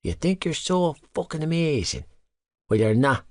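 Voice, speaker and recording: A man voicing an angry, hot-headed teenage boy rugby player who shouts insults in an audiobook. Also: on the high side, lively intonation, moderate pace, no echo, studio quality, pitched above the performer's own voice, natural voice. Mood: furious. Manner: shouting, spitting insults, voice cracking. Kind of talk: audiobook character voice.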